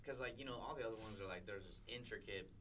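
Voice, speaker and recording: A man's voice: lowish voice, fast, background noise. A man hosting a casual comedy podcast, rambling through his thoughts with lots of "like" and frequent laughter. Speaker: podcast host. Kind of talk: casual chat.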